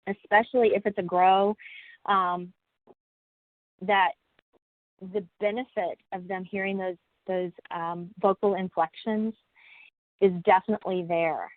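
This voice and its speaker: This woman, a college teacher in the United States, takes her time on a webinar panel, leaving long pauses in her steady, medium-pitched speech. She sounds folksy and casual, stumbling over fillers and restarts. Coming over a video call, the sound is tinny and dry.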